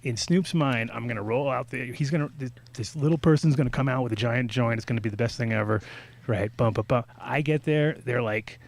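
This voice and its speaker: In a relaxed talk-show chat, a man tells a long, wandering story, cursing freely and putting on little voices for the people he quotes. His pitch is an ordinary middle range, his delivery brisk and creaky, with a faint hiss or hum underneath.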